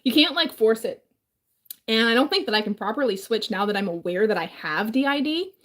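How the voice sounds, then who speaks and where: A woman's voice: fairly high pitch, lively intonation, fairly quick, a bit bright. A woman talking casually in a rambling home vlog from her kitchen, her voice changed by a throat injury, full of fillers and swearing. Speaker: vlogger.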